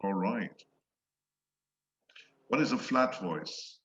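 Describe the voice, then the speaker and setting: A man teaching English in an online one-on-one lesson, slow and patient, explaining words and acting out examples. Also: lowish voice, fairly bright tone. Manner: slow, patient, demonstrates voices. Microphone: video call. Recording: echoey, dull video-call audio.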